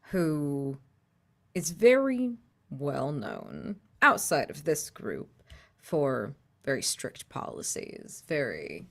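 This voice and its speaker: A woman improvises her part in a tabletop game. Her voice is low and her pace slow. She talks tentatively and builds each idea aloud. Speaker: player.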